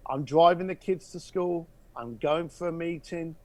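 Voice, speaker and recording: A man's voice: a little high, darkish tone, lightly acted. A man voicing an earnest adult male caller who halts and stumbles as he explains himself. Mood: hushed, tender. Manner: halting, hesitant, full of fillers.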